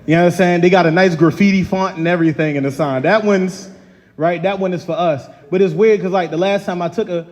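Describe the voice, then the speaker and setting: A man in his thirties with a Baltimore accent, performing stand-up live from a theater stage. His voice sits high for a man, and the long reverb of the hall hangs after his lines. He tells his stories in an animated way, acting out the voices of the people in them. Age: 30s. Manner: animated, storytelling with quoted voices. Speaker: stand-up comedian. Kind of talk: stand-up comedy set.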